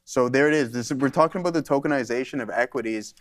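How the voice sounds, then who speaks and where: Male co-host, mid pitch, relaxed slangy banter on a market stream. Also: fast. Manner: laid-back banter, says "dude" a lot. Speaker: stock market livestream co-host. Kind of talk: casual market chat.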